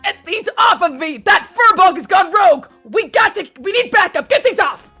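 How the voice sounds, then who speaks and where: A woman playing a shouting commanding knight. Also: extremely high pitch, very slow, creaky, soft background music, exaggerated voice. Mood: shouting alarm. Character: brusque male knight barking orders.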